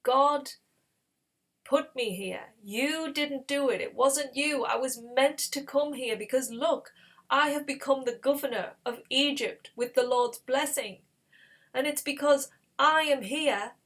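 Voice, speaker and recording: Woman doing an emotional man reunited with his brothers, pleading and raised, pitched high. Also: unhurried, a bit bright. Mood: earnest.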